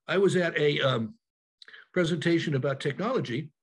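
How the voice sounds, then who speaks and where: A man presenting a packing talk in a webinar, speaking over a video call, halting with many fillers and restarts. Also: a little high, breathy edge.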